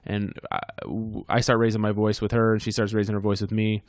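A man's voice: on the low side, flat delivery, fairly quick, no room sound, studio quality. A man co-hosting a casual podcast, telling a heated story with lots of swearing. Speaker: podcast co-host.

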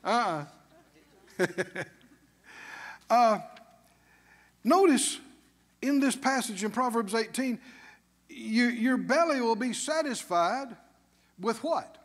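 Male pastor, animated slow preaching, high voice, church hall echo. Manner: emphatic call-and-response preaching. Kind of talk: sermon.

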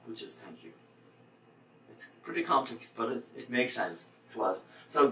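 Male teacher, mid pitch, patient, spells things out; roomy sound from a mic at a distance, faint ambience. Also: fairly bright tone, slight background noise. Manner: patient, spells words out letter by letter. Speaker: Irish language teacher. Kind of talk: explaining at a board.

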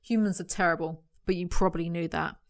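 A woman's voice: lowish voice, steady tone, fast, voice pushed down, lightly acted. A woman voicing a brash, cynical man from an office who boasts and sneers at people. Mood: sardonic. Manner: boastful, sardonic, rude.

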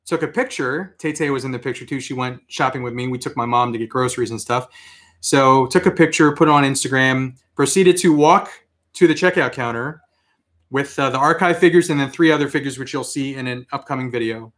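Male host for a home toy-haul stream, casual and chatty, mid-pitch, storytelling with lively quoted reactions. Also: fairly quick. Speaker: toy collector show host. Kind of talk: casual live-stream chat.

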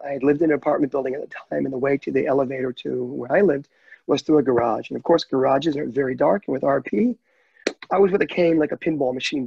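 A man's voice: on the high side, vocal fry, husky, dry recording, highs cut off. A man telling his story in an interview, heartfelt and candid, choking up at times. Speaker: guide dog client telling his story.

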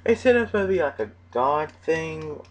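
A man hosting casual gameplay commentary, excitable and jokey, who breaks into mock-outraged shouts. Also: a little high, normal speed. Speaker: gaming channel host.

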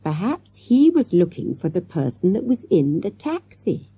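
A woman reading an audiobook, voicing an eager, clever schoolboy sleuth in a quick, excited boyish way. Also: lowish voice, slightly rough, no echo, full character voice.

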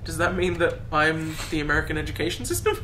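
A man's voice: on the high side, expressive, fast talker, pushed and bright, a little hiss or hum. A man co-hosting a let's play, teasing his friend in casual gaming banter. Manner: teasing, playful, sings snatches of songs.

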